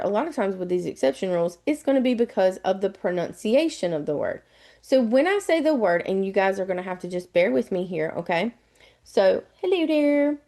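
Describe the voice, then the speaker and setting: Southern US woman, test prep tutor, chatty, repeats each step, mid-pitched. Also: mellow. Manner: chatty, repetitive step-by-step explaining. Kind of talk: live online webinar lesson.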